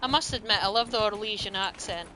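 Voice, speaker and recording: A woman's voice: mid-range voice, quick pace, background noise. A woman streaming a video game, chatting playfully and breaking into squeals and giggles.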